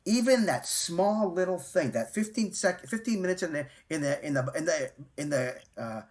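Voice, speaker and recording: A man hosting a live show chat, supportive and quick with affirmations. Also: on the high side, expressive. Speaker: host.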